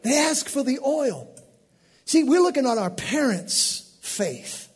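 Male pastor, high and animated, preaching in a church with long reverb. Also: slow pace, breathy edge. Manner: animated preaching with bursts of shouting. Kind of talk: sermon.

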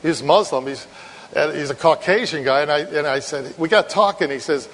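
A man's voice: on the high side, moderate pace, fairly bright tone. A man from Ireland, a missionary preacher, giving a sermon in a conversational storytelling way, often repeating words. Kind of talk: sermon with anecdote. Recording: long reverb in a hall.

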